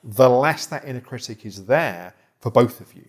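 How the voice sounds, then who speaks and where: A man guiding a therapy client, calm and reflective, explaining ideas with small restarts. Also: mid-range voice, moderate pace. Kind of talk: therapy session guidance.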